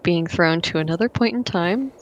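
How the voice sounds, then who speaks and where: A woman's voice: lowish voice, normal speed, muffled recording, a little hiss or hum. A woman playing a tabletop game, matter-of-fact as she reads out the rules. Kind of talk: casual tabletop play.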